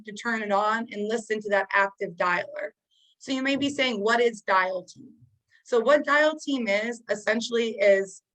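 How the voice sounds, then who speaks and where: A woman's voice: on the high side, fairly bright tone, low-quality recording. A woman coaching sales agents on a training call, talking casually and encouragingly, with frequent fillers. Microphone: video call.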